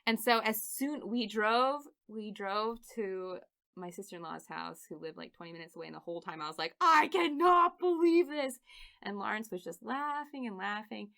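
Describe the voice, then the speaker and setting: A woman in her thirties, a podcast guest, telling funny stories in an animated way and laughing often. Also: medium pitch, a little fast, gravelly. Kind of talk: casual storytelling interview.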